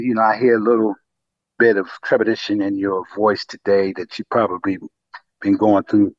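Halting soft-voiced man on a muffled call line. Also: on the low side, dry recording. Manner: halting, many fillers, addresses listener as beloved. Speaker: caller. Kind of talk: call-in sharing testimony and advice.

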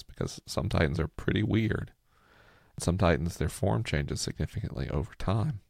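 A man with an extremely low voice and a heavy gravelly fry talks in a relaxed, low-energy way as he co-hosts a podcast. His speech has a raspy edge, and the recording is close and dry. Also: no room sound. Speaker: podcast co-host. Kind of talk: casual podcast chat.

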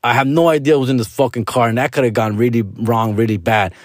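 A man tells a casual, animated story, full of profanity and slang, switching between Spanish and English. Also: mid-range voice, fast talker, dry recording, clean studio sound. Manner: animated, with frequent street-slang tags.

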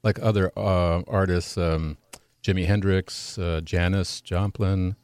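A man on a radio show speaking haltingly, with many pauses and restarts. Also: low-pitched, steady tone, darkish tone, smooth. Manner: halting, full of fillers and restarts. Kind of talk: casual radio chat.

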